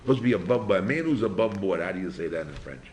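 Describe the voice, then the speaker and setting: An older man, a rabbi teaching a yeshiva class in an informal lecture, asking his students animated rhetorical questions. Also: low-pitched, very fast, slight background noise.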